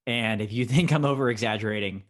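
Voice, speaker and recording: A man's voice: lowish voice, quick pace. A man co-hosting a podcast in casual chat, talking emphatically and indignantly. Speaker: podcast co-host.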